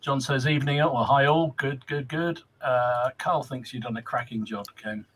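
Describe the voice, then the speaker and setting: A man's voice: mid-range voice, normal speed, fairly bright tone, slight background noise. A man hosting a casual livestream podcast, cheerfully greeting viewers and reading out their comments. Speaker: podcast host.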